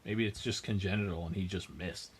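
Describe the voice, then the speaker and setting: A man with a fairly low voice talks casually through his painting livestream. He thinks aloud as he works and answers viewers with dry, self-mocking jokes. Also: fairly even intonation, fairly quick, husky. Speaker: miniature painting livestream host.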